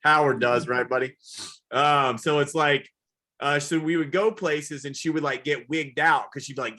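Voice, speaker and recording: A man doing a rambling, self-deprecating stand-up comedy set, now and then yelling high whoops. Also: moderate pace. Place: comedy show, live virtual audience.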